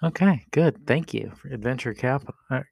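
A man's voice: medium pitch, normal speed, creaky, darkish tone, highs cut off, a little hiss or hum. A middle-aged man co-hosting a casual family podcast with his young daughter, playful and joking, laughing often. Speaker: podcast co-host, father.

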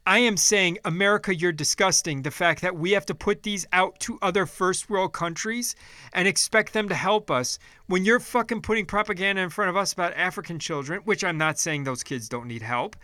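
A man's voice: high-pitched, normal speed, pushed and bright, no room sound. A man delivering a heated, profane political rant, upset and frustrated, often restarting his sentences. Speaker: vlogger.

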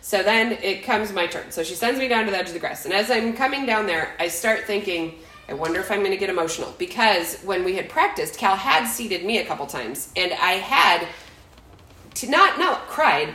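A woman's voice: mid-range voice, sharp tone, roomy sound, poor audio. A woman in her forties co-hosting a podcast, telling a story in a rambling, self-interrupting way with frequent laughs. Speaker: podcast co-host. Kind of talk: casual chat, storytelling.

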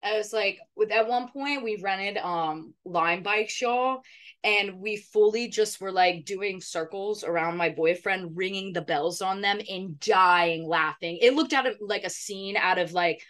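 Animated young woman, swearing podcast chat. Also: mid-range voice, a little slow. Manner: animated storytelling, swearing, playful voice impressions. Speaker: podcast co-host. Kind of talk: casual chat.

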